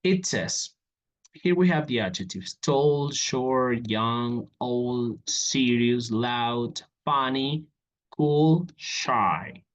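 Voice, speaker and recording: Male English teacher, online lesson, steady mid voice, frequent check-ins. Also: medium pitch, drawn-out words. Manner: repeats "okay?" often, walks through examples on a board.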